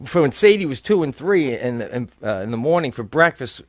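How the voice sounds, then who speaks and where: A middle-aged man co-hosting a comedy podcast, telling animated stories in casual chat with some swearing. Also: medium pitch, a little fast, no room sound, studio quality. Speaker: podcast co-host.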